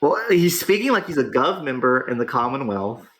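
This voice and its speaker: A man hosting a casual online talk show, reacting excitably to gaming politics with frequent laughs and drawn-out exclamations. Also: medium pitch, low-quality recording. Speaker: podcast host.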